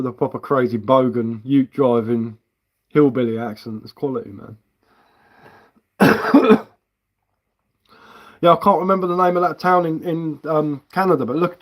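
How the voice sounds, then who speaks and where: Rambling, sweary man. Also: mid-range voice. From England. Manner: rambling, swears freely, laughs often, frequent restarts. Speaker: live-streamer. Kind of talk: casual live-stream chat.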